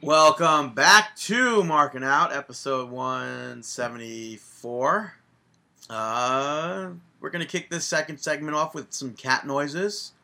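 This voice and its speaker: Bright-voiced joking male co-host. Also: fairly high pitch, takes it slowly, vocal fry. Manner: joking, bantering. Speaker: podcast co-host. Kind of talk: casual chat.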